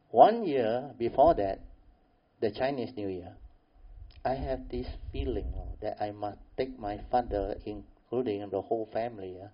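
An older man telling a family story, animated and pressing harder when he makes a point. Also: on the low side, slight background noise. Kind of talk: storytelling talk. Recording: dull lo-fi recording.

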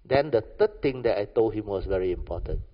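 A brisk, animated man with a fairly low voice and a Malaysian English accent delivers an informal dharma talk filled with stories. He keeps it conversational and frequently stops to ask, "understand or not?" The sound is lo-fi and muffled, with echo from a hall.

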